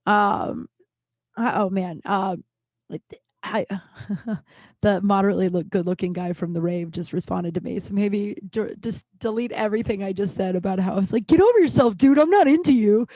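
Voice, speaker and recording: A woman comedian hosting her podcast, telling a story in a rambling, swearing, filler-heavy way and jumping into high, animated voices for the people she quotes. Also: measured pace, no echo. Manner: swears freely and bluntly. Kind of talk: casual comic storytelling.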